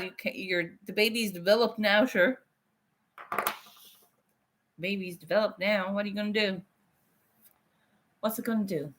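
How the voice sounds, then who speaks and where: Slow-talking, chatty woman streamer. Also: mid-range voice, bright, forceful tone. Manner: chatty, swearing, laughing often. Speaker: livestream host. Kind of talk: casual livestream chat reading comments.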